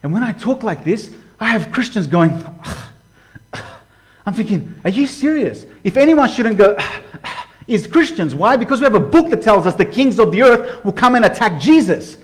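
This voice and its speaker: A man with a high voice preaching in a loose, animated way. He talks straight to his viewers and calls them "guys." He slips into quoted voices as he goes. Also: moderate pace. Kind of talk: casual sermon to camera.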